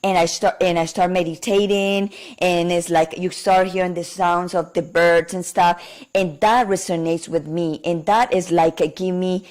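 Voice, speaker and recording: A hoarse woman with a Colombian Spanish accent, a native Spanish speaker, talking as a podcast guest in heartfelt, emotional conversation. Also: lowish voice, fairly even intonation, moderate pace, a little mellow. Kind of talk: casual conversation.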